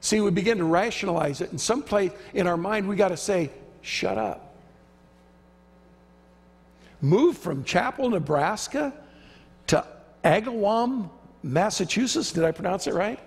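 Speaking at normal speed with lively intonation, a visiting preacher with a high, breathy voice gives an emphatic sermon in a church sanctuary. He acts out the voices he describes, and church hall reverb colors the sound.

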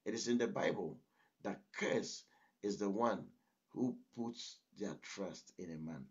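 A man's voice: lowish voice, measured pace, husky. A man preaching a sermon as pastor, emphatic and exhorting, often breaking in with "listen". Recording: dull lo-fi recording.

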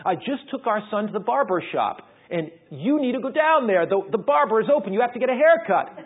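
Man putting on a pushy high-voiced wife. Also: big pitch swings, fairly quick, breathy edge, heavily acted. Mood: insistent. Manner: pushy, high-pitched and emphatic. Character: insistent excited wife urging her husband. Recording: tinny phone-like sound.

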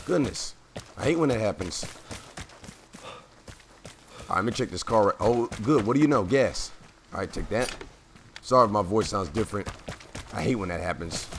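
Low-voiced rambling gamer man. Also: expressive, moderate pace, pauses often, a little hiss or hum. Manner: rambling, chatty, full of fillers and self-corrections. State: voice keeps cutting out, clearing throat. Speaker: gameplay commentator. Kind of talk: casual gameplay commentary.

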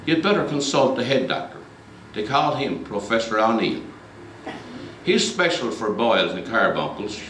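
A man playing a polite young doctor with a Scottish accent, formal and courteous. His voice carries from a distance through a reverberant hall, with a lively rise and fall. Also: lowish voice, moderate pace, a little hiss or hum. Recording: echoey hall, mic far off.

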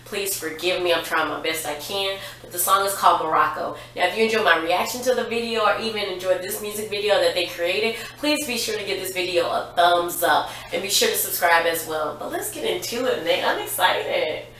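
A young woman chatting casually as a reaction vlogger, excitable and quick to exclaim along with the video she is watching. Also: lowish voice, distant mic. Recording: echoey room, off-mic, music behind. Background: music video playing.

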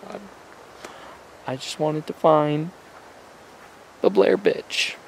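Man, gravelly timbre, unhurried delivery; mock-terrified hiker in a homemade spoof, whisper-to-squeal panic, handheld camera outdoors. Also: animated, slight background noise, low-quality recording. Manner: mock-panicked, jumps between hushed whispers and high squeals. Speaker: amateur filmmaker playing a lost hiker. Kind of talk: comic found-footage parody acting. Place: outdoors in a forest.

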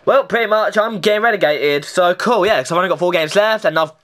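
A woman's voice: on the low side, quick pace, a bit bright, soft background music. A woman hosting a gaming channel, giving live gameplay commentary in an exasperated, self-mocking way and swearing often.

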